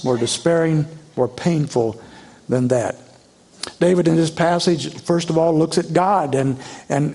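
A man's voice: fairly high pitch, a little mellow. A man preaching a sermon, reading scripture and voicing the psalmist's pleas in a rising, pleading tone. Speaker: pastor.

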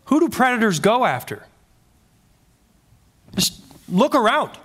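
A male pastor preaching a sermon in an animated way, full of rhetorical questions. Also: extremely high pitch, unhurried.

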